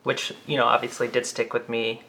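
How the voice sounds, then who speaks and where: Gravelly-voiced man talking films. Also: a little fast. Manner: animated, acts out quoted lines with big pitch jumps. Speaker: film discussion panelist. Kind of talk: casual film discussion.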